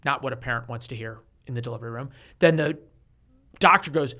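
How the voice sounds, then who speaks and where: A man in his forties, a guest author telling a story in an interview, animated and given to restarts, acting out the voices of the people he quotes. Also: mid-range voice, fast. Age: 40s.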